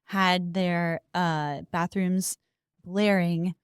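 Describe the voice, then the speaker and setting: A woman chats on a podcast, her voice smooth and a little low. She reads history notes with chatty asides, and the sound is close and dry. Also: fairly even intonation, drawn-out words, dry recording. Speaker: podcast co-host. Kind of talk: casual podcast chat.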